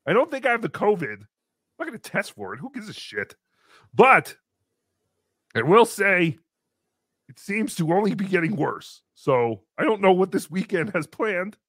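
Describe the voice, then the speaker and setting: A man hosting a comedy podcast, congested from a cold, talking in a loud, playful, crude way. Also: high-pitched, very animated, moderate pace, long pauses, slightly rough, dry recording, clean studio sound. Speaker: podcast host. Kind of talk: comedic livestream chat.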